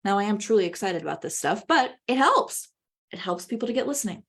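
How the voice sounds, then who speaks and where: She talks fast while presenting a public-speaking webinar, animated throughout and swinging her pitch widely to make points land.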